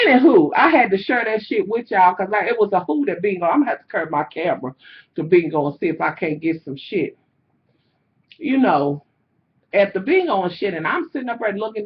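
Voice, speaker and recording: Husky, profane woman telling a story. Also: mid-range voice, highs cut off. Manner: profane, animated, talks straight to viewers. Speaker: vlogger. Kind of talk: casual storytelling to camera.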